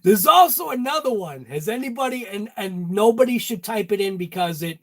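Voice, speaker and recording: A man's voice: high voice, lively intonation, a little fast. A man hosting a casual chat in his garage workshop, joking and talking to viewers by name. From Massachusetts. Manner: jokey, talks to viewers by name. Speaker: channel host.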